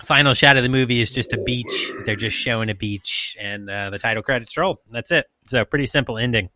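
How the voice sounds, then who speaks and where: A man's voice: medium pitch, a little fast, noisy background. A man hosting a casual podcast, reading a plot recap with joking, profane asides. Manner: joking, swears freely, loose asides. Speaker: podcast host.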